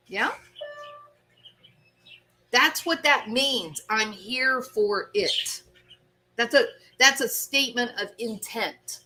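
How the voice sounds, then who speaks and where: A woman hosting a casual live stream, chatting with her viewers by name in an animated way and often laughing. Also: a little high, slow pace, long pauses. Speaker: host.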